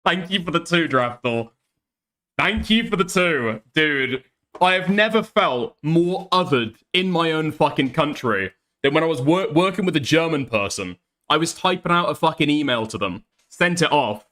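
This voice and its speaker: A man's voice: fairly high pitch, lively intonation, normal speed, bright, forceful tone. Brash sweary northern English man. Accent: Northern English, softened by the South. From Northern England. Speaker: streamer. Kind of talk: casual commentary over a video.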